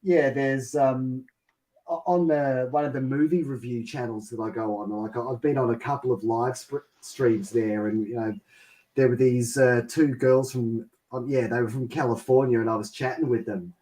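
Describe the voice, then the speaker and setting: Australian-raised man, middle pitch, halting casual chatter. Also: steady tone, dark tone, recorded from a distance, rough recording. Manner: hesitant, many fillers and restarts, laughs often. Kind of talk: casual chat.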